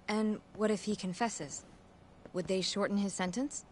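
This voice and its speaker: A woman's voice: medium pitch, steady tone, normal speed, a little hiss or hum, natural voice. A woman voicing a hesitant, cautious young nurse in a video game. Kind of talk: game voice acting.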